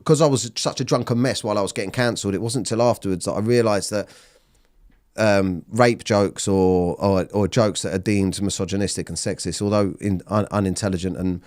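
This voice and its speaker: A man's voice: on the low side, steady tone, a little fast, a little mellow. A man in his thirties, a comedian, talking bluntly in an interview, swearing freely and often restarting his sentences. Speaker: comedian guest. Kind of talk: candid interview talk.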